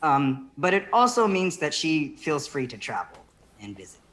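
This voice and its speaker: A woman born in the Philippines performing a virtual stand-up set over a video call, rambling and giggling mid-sentence and dropping into soft, quiet asides. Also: sits low, sing-song, normal speed. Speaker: stand-up comedian.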